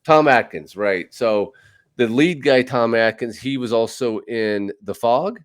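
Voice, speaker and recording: A man's voice: mid-range voice, measured pace. A man hosting a podcast, chatting casually and rambling with lots of fillers and restarts. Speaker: podcast host. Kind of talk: casual chat about movies.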